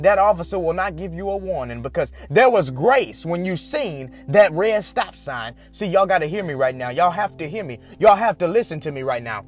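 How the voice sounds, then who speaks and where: Man, preacher, high-pitched, fervent repetitive sermon, soft music underneath. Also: animated, normal speed.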